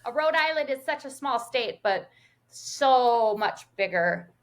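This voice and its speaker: A woman's voice: a little high, animated, unhurried. A woman from Minnesota, a guest on a casual podcast, playful and jokey, cutting in with quips. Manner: playful, jokey, interjecting with loud call-outs.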